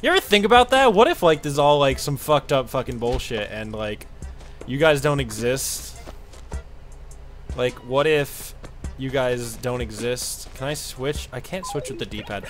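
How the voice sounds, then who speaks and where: A young man giving casual, profane commentary while streaming a game, with frequent loud outbursts. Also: medium pitch, animated, measured pace, soft background music. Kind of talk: casual live gameplay commentary.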